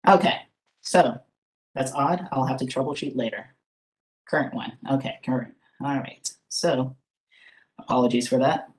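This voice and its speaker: A presenter runs a live webinar through a computer mic on a video call, speaking casually and often filling gaps or starting over. The mid-range voice is measured in pace and pauses frequently.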